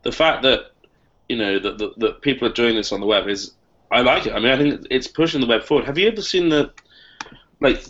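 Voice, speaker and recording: A man's voice: medium pitch, a little fast, fairly bright tone. A man with a mid-range voice argues his point bluntly in a panel discussion, casual and swearing freely. The recording sounds dull and lo-fi. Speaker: Wikipedia editor. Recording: muffled lo-fi audio.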